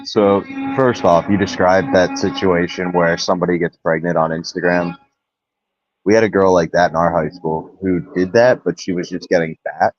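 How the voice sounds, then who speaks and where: A man's voice: low-pitched, fairly even intonation, normal speed. A man co-hosting a comedy podcast, telling jokes and stories in a dry manner. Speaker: podcast co-host. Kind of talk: casual comedic chat. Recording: dry, dull lo-fi sound.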